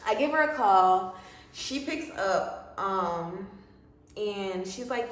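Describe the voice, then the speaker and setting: A young woman vlogger telling a personal story to camera in a chatty, expressive, slangy way, acting out both sides of her phone calls. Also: medium pitch, slow. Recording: roomy sound from a distant mic.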